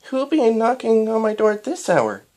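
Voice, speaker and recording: A reader voicing a gentle, motherly older pegasus mare in a storybook reading. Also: mid-range voice, very animated, moderate pace, voice pushed up, natural voice. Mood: surprised.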